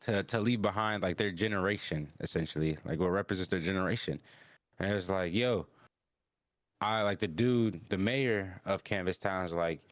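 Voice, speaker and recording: Deep voiced podcast guy going over an anime episode, loose and slangy, smooth voice, dry sound. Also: moderate pace, no echo. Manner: rambling and slangy, many restarts and "like"s. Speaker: podcast host. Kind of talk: casual anime episode recap.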